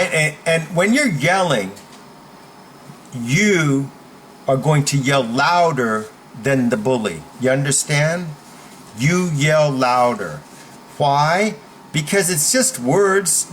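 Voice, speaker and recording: Animated male coach, slow emphatic delivery. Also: a little high, slight background noise. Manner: emphatic, demonstrative, switches into loud role-play shouts. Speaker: self-defense and confidence coach. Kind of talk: instructional video talk. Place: at home with his dogs nearby.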